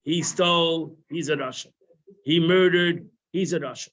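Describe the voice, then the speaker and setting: A man's voice: a little high, normal speed, a bit bright. A man giving an informal Torah lesson, conversational and repetitive, sprinkling in Hebrew and Yiddish terms. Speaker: Torah class teacher. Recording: muffled live-stream audio.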